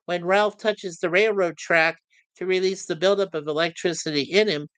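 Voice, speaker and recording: A man's voice: high voice, fairly even intonation, fairly bright tone, clear, resonant tone, dry recording. Friendly man reading chat on stream. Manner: friendly, chuckling, reads chat messages aloud with filler pauses. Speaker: podcast host reviewing a TV series. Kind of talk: casual livestream review, reading out chat.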